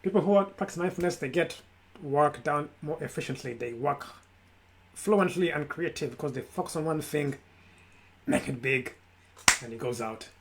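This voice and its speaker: Male self-help speaker, slightly higher voice, emphatic list-driven live talk to camera. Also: normal speed, a little hiss or hum. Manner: emphatic, repetitive lists. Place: his room.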